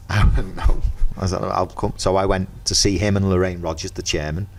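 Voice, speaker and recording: A middle-aged man with a Merseyside accent, a podcast guest in casual chat, telling lively anecdotes and acting out the dialogue. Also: deep voice, normal speed. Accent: Merseyside English. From Merseyside, England.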